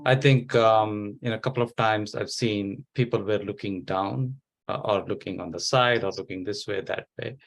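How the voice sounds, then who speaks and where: A man giving halting feedback as a debate judge over a video call. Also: fairly low pitch, fairly even intonation, vocal fry. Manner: halting, hesitant. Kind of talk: spoken feedback.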